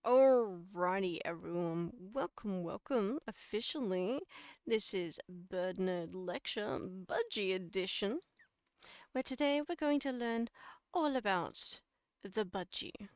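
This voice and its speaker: A chatty Australian woman talks her chat through a casual livestream lecture, laughing at herself and fixing her own slips as she goes. Her voice is smooth and clear, recorded dry and close with no room sound. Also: mid-range voice, expressive, takes it slowly, no echo. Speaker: streamer giving a lecture.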